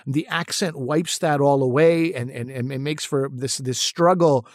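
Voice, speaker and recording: A man's voice: mid-range voice, a little slow, no room sound, clean studio sound. A middle-aged man co-hosting a casual discussion, talking earnestly and animatedly, often repeating words as he gathers his thoughts. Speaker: podcast co-host and actor-comedian.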